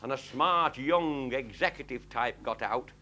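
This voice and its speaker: A man's voice: medium pitch, a little slow, pushed and bright, a little hiss or hum. A man telling a comic story to a live audience in a blunt, earthy, chuckling way. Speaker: comic raconteur. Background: audience laughing.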